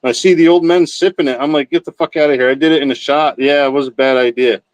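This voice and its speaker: A man's voice: medium pitch, fairly even intonation, quick pace, no room sound, low-quality recording. Laid-back man swearing casually on a livestream. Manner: rambling, profane, laid-back storytelling. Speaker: livestream host. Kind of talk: casual chat with live chat.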